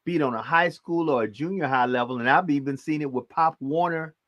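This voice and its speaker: Calm man on a dull, dry mic. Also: fairly high pitch, fairly quick, no echo. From Louisiana. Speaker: podcast co-host. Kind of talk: casual chat.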